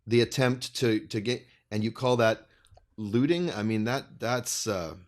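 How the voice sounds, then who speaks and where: A man's voice: medium pitch, fairly even intonation, measured pace. A man co-hosting a political podcast with a mid-range voice. He talks thoughtfully in long, winding sentences, often restarting as he goes. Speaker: co-host. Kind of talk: casual political chat.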